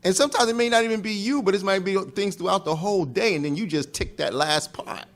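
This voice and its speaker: Speaking fast in a high voice, a man runs a relationship class like a casual lecture, laughing frequently. He acts out arguments with animated energy and keeps checking whether the room agrees with him.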